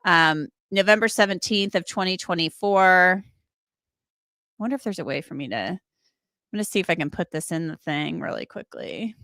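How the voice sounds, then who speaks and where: Chatty woman with a smooth, dry voice. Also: fairly low pitch, expressive, normal speed, pushed and bright, no echo. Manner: rambling, filler-heavy, chatty. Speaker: legal commentator. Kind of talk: casual livestream commentary.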